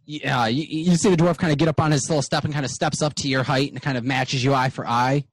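A man narrating as game master of a tabletop game, halting and slow between restarts. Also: medium pitch, fairly even intonation, husky, no echo, poor audio. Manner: halting, with many fillers and restarts.

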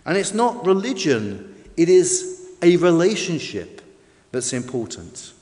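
A man's voice: a little high, very animated, unhurried, darkish tone, long reverb tail. A man preaching a sermon with an emphatic, varied delivery.

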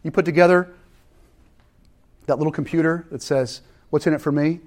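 At a moderate pace, a pastor with a fairly high-pitched voice speaks conversationally to his congregation. He is animated, building emphasis before pulling back into quiet, intense asides.

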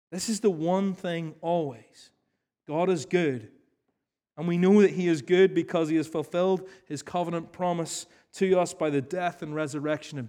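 A man's voice: a little high, warm tone. Man preaching an earnest sermon. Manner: earnest, emphatic preaching with repetitions. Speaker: pastor. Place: church hall.

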